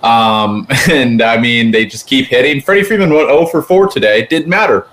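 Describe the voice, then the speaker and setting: A man co-hosting a casual sports podcast, talking in loose, rambling runs packed with fillers and restarts. His voice sits at an ordinary middle pitch for a man, and he keeps the talk chatty and unscripted. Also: a bit bright. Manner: rambling, quick, many fillers like "like". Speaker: podcast co-host.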